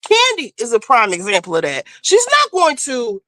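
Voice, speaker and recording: Woman streamer host, high and bright, blunt and profane, dry close sound. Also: huge pitch swings, normal speed, no echo. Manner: emphatic, scolding. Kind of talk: casual commentary.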